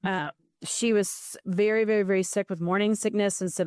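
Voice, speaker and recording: A woman's voice: mid-range voice, fairly even intonation, normal speed, darkish tone, no echo, studio quality. A middle-aged woman, a podcast guest, telling a heartfelt story with earnest emotion and frequent restarts.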